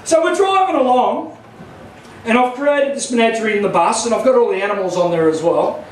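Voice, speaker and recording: A man with an Australian accent doing stand-up comedy, telling a crude, rowdy story and shouting his punchlines. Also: very high voice, fairly quick, background noise. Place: small comedy club stage. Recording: echoey room from far off.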